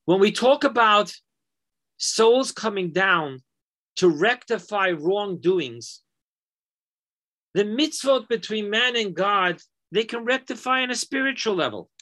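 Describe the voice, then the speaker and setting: A man teaching a Torah lesson, an animated and emphatic storyteller. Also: high voice, slow.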